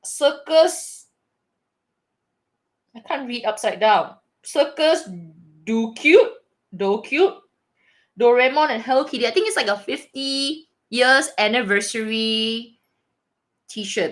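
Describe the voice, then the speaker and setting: A woman hosting a casual live Q&A, chatting with viewers and reading their comments aloud. She is animated and laughs often, with frequent restarts. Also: on the high side, takes it slowly, pauses often. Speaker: livestream host reading viewer chat.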